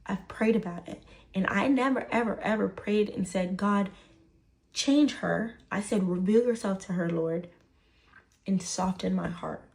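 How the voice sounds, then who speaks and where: A woman's voice: mid-range voice, normal speed, a little mellow. A woman telling a personal story to the camera, stressing points by repeating words. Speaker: storyteller in a shared clip.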